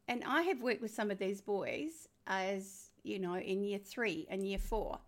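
An older woman with an Australian accent, a former teacher speaking as a guest in a conversation, emphatic and animated. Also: unhurried. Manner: animated, emphatic, rising to high exclamations. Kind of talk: conversational interview.

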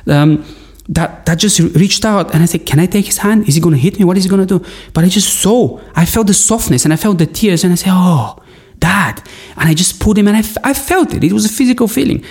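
Guy telling a heavy personal story, kinda high voice, keeps restarting. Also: darkish tone. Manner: earnest, searching, many restarts. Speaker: guest. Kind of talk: emotional personal testimony.

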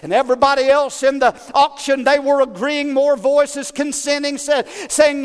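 A man preaching a sermon, telling a story dramatically and building to shouted praise in a large church hall. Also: extremely high pitch, steady tone, moderate pace, hardly any pauses, clean tone. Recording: long hall reverb.

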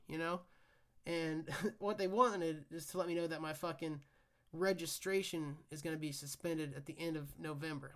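A young man talks through his own podcast in a loose, rambling monologue. His voice sits slightly high for a man, and he swears freely as he rants about his week. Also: moderate pace. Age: young adult. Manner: profane, rambling, animated ranting. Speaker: podcast host. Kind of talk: casual solo podcast monologue.

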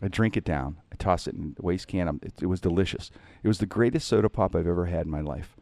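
Animated man telling a radio story. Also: fast talker, gravelly, dry recording. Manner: animated, jumping up in pitch for punchlines. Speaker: radio host and impressionist. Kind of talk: casual storytelling.

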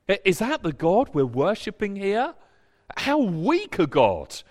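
High, lively-voiced preacher in a hall. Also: male voice, measured pace. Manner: animated, repeats words when stirred, acts out quoted voices. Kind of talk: sermon with scripture reading. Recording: long hall reverb.

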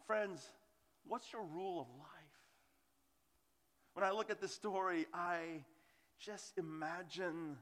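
High, bright-voiced pastor preaching. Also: male voice, steady tone, takes it slowly, long pauses. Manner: earnest, conversational preaching with soft hushed asides. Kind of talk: sermon. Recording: long reverb of a large hall.

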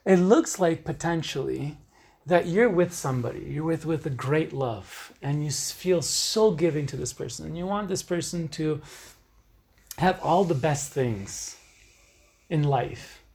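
A man's voice: on the high side, a little slow, creaky, a little mellow, slightly rough. A man hosting a solo podcast, talking earnestly and emphatically with casual swearing. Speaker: podcast host.

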